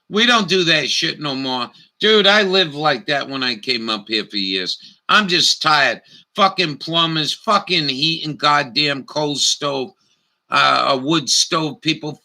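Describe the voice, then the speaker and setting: A man's voice: medium pitch, sharp tone. A man from telling a profane, ranting story as a vlogger. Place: camper.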